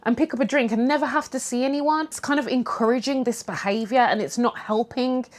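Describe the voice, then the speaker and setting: A woman's voice: fairly high pitch, fairly quick. A young woman from the UK chatting candidly over tea, talking frankly, swearing casually and acting out little quotes. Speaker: vlogger.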